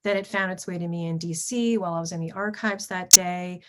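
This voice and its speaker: A middle-aged woman, a history professor, giving a lecture with slides, pausing often on ums and restarting her sentences. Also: on the low side, fairly even intonation, heavy background noise. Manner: halting, frequent ums and restarts.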